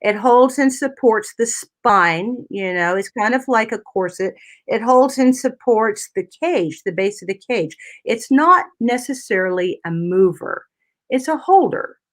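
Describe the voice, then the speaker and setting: A woman's voice: on the high side, animated, a little slow. A woman physical therapist explaining anatomy step by step on a talk radio show, often checking in with "right?" and "you know".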